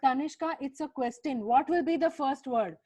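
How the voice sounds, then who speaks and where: A woman with an Indian English accent teaching an online grammar class to children over a video call, coaxing them along with brisk, repeated prompts. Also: sits high, mellow.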